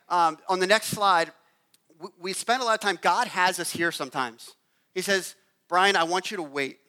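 Man in his thirties, pastor, casual storytelling sermon, bright voice, smooth and clear, keeps asking "okay?". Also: on the high side. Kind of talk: conversational sermon.

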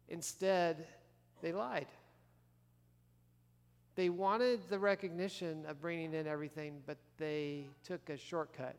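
A man preaching in a fairly high voice, his words ringing through a large church hall with a long tail of reverb. He keeps things conversational and throws questions to the congregation. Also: unhurried, smooth. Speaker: pastor. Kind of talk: sermon.

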